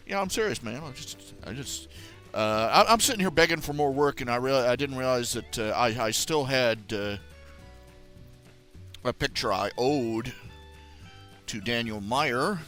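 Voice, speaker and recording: A man hosts a live stream on his own, chatting in a loose, rambling way with goofy mangled grammar. He drifts into low mutters while he tweaks settings. Faint background music plays under his voice. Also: expressive, a little slow, long pauses, fairly bright tone. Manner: rambling and playful, with silly mock grammar and put-on accents; mumbles to himself while fiddling with settings. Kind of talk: casual solo live stream chat.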